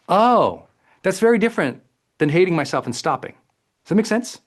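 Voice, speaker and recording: A man giving a motivational coaching talk, conversational and energetic, acting out inner voices with sudden jumps in pitch and often checking in with his listeners. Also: normal speed. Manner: conversational, often asks "right?" and "does that make sense?". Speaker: personal development coach.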